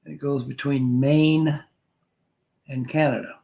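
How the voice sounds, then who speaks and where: A man's voice: medium pitch, fairly even intonation, slow, vocal fry, warm tone, rough recording. An older man hosting a casual live stream, reading viewer comments aloud and joking with a frequent chuckle.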